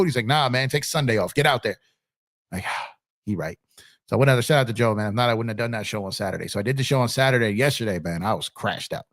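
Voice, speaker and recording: A man's voice: lowish voice, fast talker, no room sound, studio quality. A man hosting a casual live-stream sports chat, recovering from a cold, laid-back and repeating himself as he reads out chat.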